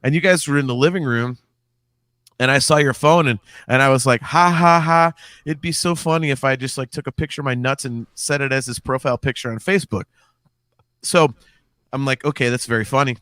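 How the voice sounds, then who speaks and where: A man's voice: medium pitch, fairly quick, fairly bright tone, dry recording. Profane man on a dry mic. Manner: profane, storytelling. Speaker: podcast co-host. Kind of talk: casual chat.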